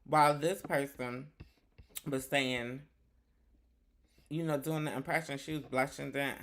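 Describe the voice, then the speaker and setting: Sassy gravelly-voiced male host. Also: medium pitch, steady tone, a little slow, long pauses, a bit bright. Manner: flamboyant, sassy, with lots of "honey" and "child"; talks to the chat. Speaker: livestream news host. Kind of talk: chatty live commentary.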